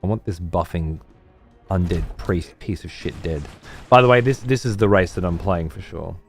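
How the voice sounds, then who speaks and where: A man's voice: low-pitched, normal speed, faint music behind. A man casually commentating on a strategy game while streaming, chatty and swearing freely as he mutters to himself.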